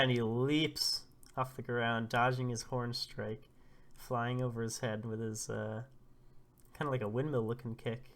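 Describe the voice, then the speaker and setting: Male host, casual live comic readthrough, animated and reactive, bright voice. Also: medium pitch. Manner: animated, laughs often, blurts out reactions.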